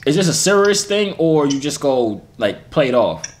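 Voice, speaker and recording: A man's voice: fairly high pitch, very animated, moderate pace. A young man hosting random video chats, teasing and joking with strangers. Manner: teasing, playful, puts on accents. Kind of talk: casual joking chat.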